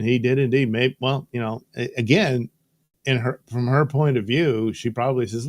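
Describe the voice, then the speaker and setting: A man's voice: mid-range voice, steady tone, a little slow, dry recording. A man hosting a live show in a casual, joking way, reading viewer comments aloud and tossing in silly voices. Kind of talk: casual live-stream chat. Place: studio.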